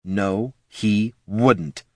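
A man's voice: medium pitch, big pitch swings, moderate pace, dry recording, clean studio sound, pitched above the performer's own voice. A man voicing a stubborn, hot-tempered female fire mage who answers curtly. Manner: curt, growling, defensive.

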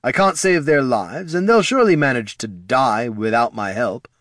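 A man's voice: mid-range voice, expressive, normal speed, a bit bright, dry recording, studio quality, pitched above the performer's own voice, close to an everyday voice. A man voicing a drunk, cynical male knight commander who talks in a sardonic, weary way, in a fantasy audiobook. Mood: drunkenly formal.

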